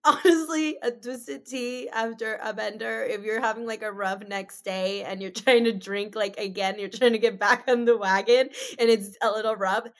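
A woman in her mid twenties co-hosting a casual podcast. Her voice sits a little high. She talks in slang, swears casually, and laughs often between thoughts. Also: steady tone, normal speed, hardly any pauses. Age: mid 20s. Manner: giggly, slangy, profane. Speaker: podcast co-host. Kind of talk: casual chat.

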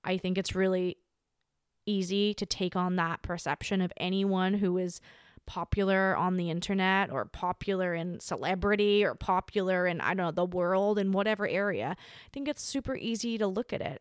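A woman's voice: mid-range voice, no echo, studio quality. A woman hosting her own podcast, talking candidly and animatedly in a casual chat straight to listeners. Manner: chatty, candid, animated, with frequent filler "like". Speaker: podcast host.

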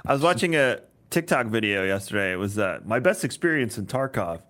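A man's voice: on the low side, brisk. A man co-hosting a podcast, chatting casually and rambling through stories. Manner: relaxed, rambling storyteller. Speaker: podcast co-host. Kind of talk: casual chat.

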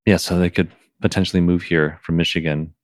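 A man hosting a podcast in casual conversation, who reenacts his own past lines in a livelier, higher voice. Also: little pitch movement, brisk, no room sound, clean studio sound. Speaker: podcast host.

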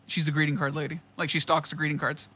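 A man's voice: a little high, little pitch movement, quick pace, sharp tone, slightly rough. A man, casually telling a profane work story with lots of quoted dialogue and laughter. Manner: laid-back, profane, laughs often, quotes people in dialogue.

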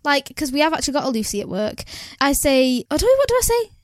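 Giggly Mancunian woman, higher voice. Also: sing-song, fast talker, dry recording, clean studio sound. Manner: giggly, rambling, chatty. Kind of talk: casual chat.

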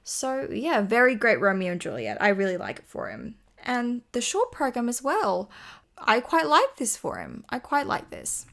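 A woman's voice: fairly high pitch, wildly swooping pitch, normal speed, gravelly, a bit bright. Chatty, gushing woman co-host. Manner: chatty, gushing, playful asides. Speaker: podcast co-host. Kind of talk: casual chat reviewing figure skating.

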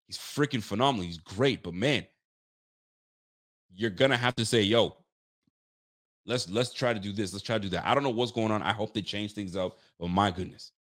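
A man's voice: medium pitch, a bit bright. A fired-up man giving a rambling sports rant, full of restarts and street slang. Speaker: sports fan commentator. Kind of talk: heated football rant.

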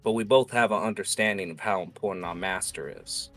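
A man's voice: low voice, fairly quick, fairly bright tone, faint music behind. A man doing a grave, solemn cleric. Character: solemn middle-aged male cleric, stern and measured.

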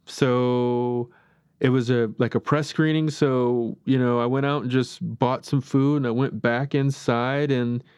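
A man's voice: mid-range voice, fairly even intonation, a little slow, darkish tone, clean tone, dry recording, studio quality. A man hosting a podcast, giving a chatty, rambling film review and openly airing his opinions. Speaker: podcast host. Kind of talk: casual film review monologue.

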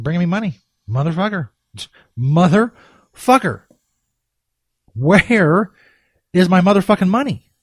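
A man's voice: medium pitch, a little mellow, no echo. A man hosting a podcast, rambling and swearing in mock-angry outbursts. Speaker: podcast host. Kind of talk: profane comedic rant.

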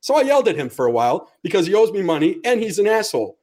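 A man's voice: high-pitched, big pitch swings, rapid-fire, darkish tone. A young man from the United States telling a long story on a casual podcast, cursing freely and acting out every line of dialogue. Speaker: podcast co-host.

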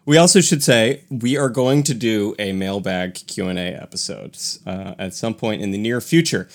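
A man's voice: lowish voice, moderate pace. A man co-hosting a podcast in casual chat, musing aloud and correcting himself in a playful way. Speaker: podcast co-host and band member.

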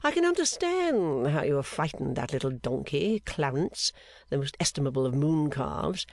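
A man voicing an airy, cynical gentleman painter who talks with breezy enthusiasm. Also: fairly high pitch, sing-song, moderate pace, gravelly, no echo.

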